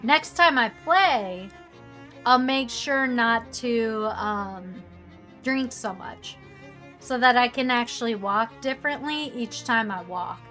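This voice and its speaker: A woman's voice: on the high side, lively intonation, takes it slowly, bright, forceful tone. A woman streamer reading a text game aloud, switching between dramatic narration and casual asides. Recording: faint music behind.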